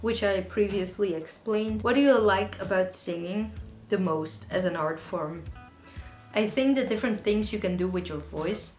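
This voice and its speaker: A woman's voice: mid-range voice, moderate pace, darkish tone. A young woman, a singer-songwriter, answering viewer questions in a casual, rambling way with lots of fillers. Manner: chatty, rambling, with frequent fillers. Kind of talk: casual Q&A vlog. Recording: echoey room with faint music.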